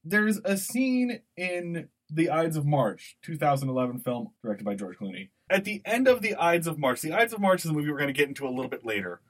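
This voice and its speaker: A man's voice: fairly high pitch, fairly quick, few pauses. Chatty male podcast co-host. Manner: animated, digressive storytelling. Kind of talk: conversational podcast discussion.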